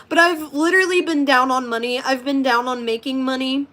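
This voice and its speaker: High-pitched woman streamer, casual, candid, swears freely. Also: fairly even intonation, brisk, few pauses, bright, forceful tone. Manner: blunt and profane, talks candidly to viewers. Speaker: livestreamer. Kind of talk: casual livestream chat.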